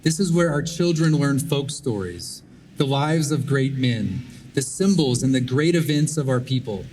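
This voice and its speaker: A man's voice: medium pitch, expressive, moderate pace, a little mellow. A man giving a prepared public speech, earnest and exhorting, repeating key phrases. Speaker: conference speaker. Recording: distant mic with faint background noise.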